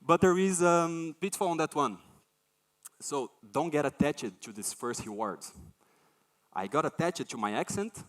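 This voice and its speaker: Conference speaker: a man, animated, acts out voices in his anecdotes. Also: fairly high pitch, unhurried. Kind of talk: conference talk.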